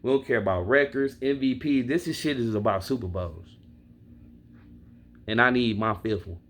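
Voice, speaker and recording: In a casual rant to camera, a Milwaukee, Wisconsin sports fan vlogger complains about his football team, swearing and speaking bluntly to his audience. He has a medium-pitched, slightly bright voice and keeps a moderate pace.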